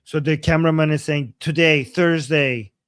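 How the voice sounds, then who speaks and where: A man hosting a casual live stream, reacting with excitement to protest videos and translating the chants for his viewers. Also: a little high, moderate pace. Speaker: political commentary host. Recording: loud background noise.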